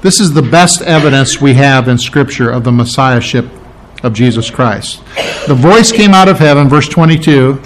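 A man's voice: mid-range voice, animated, moderate pace, slight background noise. A pastor preaching a sermon, teaching conversationally, asking the congregation questions and restarting phrases as he thinks aloud. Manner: restarts and repeats words while thinking aloud.

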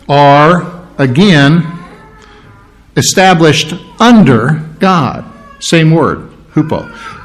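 A pastor teaching an expository sermon, explaining the meaning of each word and asking rhetorical questions, with fillers and throat clearing. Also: male voice, fairly high pitch.

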